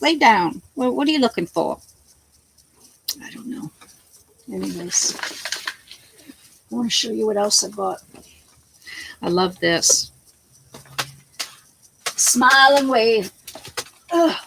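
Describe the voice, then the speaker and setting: In a rambling home vlog, a woman addresses the camera with blunt, chatty talk, switching topics often and swearing without hesitation. Her mid-range voice has vocal fry and a slight brightness. The audio is poor, with a little background noise.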